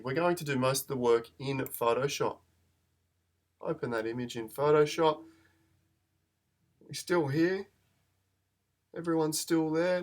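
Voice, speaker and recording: A man, chatting in a rambling, self-deprecating way as he hosts a live photo-editing tutorial stream. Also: a little high.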